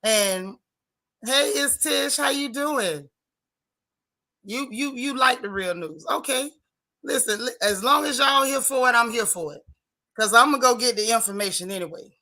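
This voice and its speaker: A woman hosting a casual livestream, greeting viewers one by one in a lively, down-home way. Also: on the high side, normal speed. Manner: lively, Southern-tinged casual talk with chat shout-outs. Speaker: livestream host.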